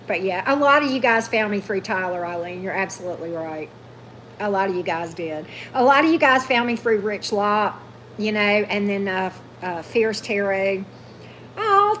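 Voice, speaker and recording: A woman hosting a casual livestream, gushing, animated, and answering viewer comments. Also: medium pitch, moderate pace, slight background noise. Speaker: tarot channel host.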